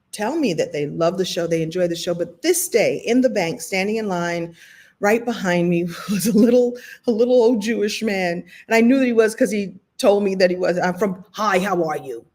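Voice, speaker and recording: Brooklyn woman, motivational coach live stream, emotional and animated, laughs a lot. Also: medium pitch, normal speed. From Brooklyn, New York. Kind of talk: motivational livestream talk.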